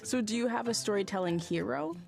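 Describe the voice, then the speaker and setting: A woman interviewing a storyteller, asking calm questions with short affirming replies. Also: mid-range voice, brisk, creaky, over music.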